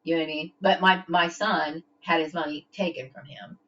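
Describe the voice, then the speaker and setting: A woman's voice: deep voice, fairly even intonation, normal speed, a bit bright. Confrontational woman, lo-fi recording. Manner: confrontational, repeats "okay?" often; stammers and restarts when upset. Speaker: vlogger. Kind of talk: direct-to-camera rant. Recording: dull lo-fi home recording.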